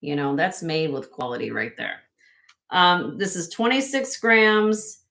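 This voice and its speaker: A woman's voice: lowish voice, animated, unhurried, gravelly, fairly bright tone. A woman hosting a casual live-stream jewelry sale, chatty and self-correcting, laughing often as she shows pieces to viewers.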